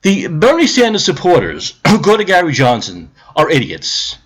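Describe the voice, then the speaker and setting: Guy ranting politics into the camera, cussing a lot, voice pitched high and bouncing all over. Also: moderate pace, slightly rough. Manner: shouting, profane, lecturing the viewer; calmer, grumbling explanation later on. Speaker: political vlogger. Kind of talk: angry political rant to camera.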